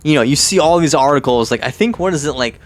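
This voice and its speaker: A man's voice: on the high side, lively intonation, fast talker. A young man casually talking through a movie and what it means to him, rambling with many "like"s, "you know"s and restarts. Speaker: vlogger. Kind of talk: casual movie commentary vlog.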